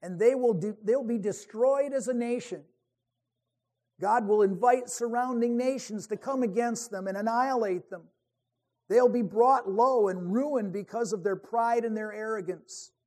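A man's voice: high-pitched, a little mellow. A male preacher teaching verse by verse from the Bible, earnest, often restarting phrases as he reads scripture aloud. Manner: earnest, with frequent restarts while reading scripture.

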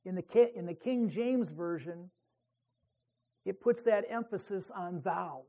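A man's voice: sits high, unhurried, warm tone. A male preacher teaching verse by verse from the Bible, earnest, often restarting phrases as he reads scripture aloud. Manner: earnest, with frequent restarts while reading scripture.

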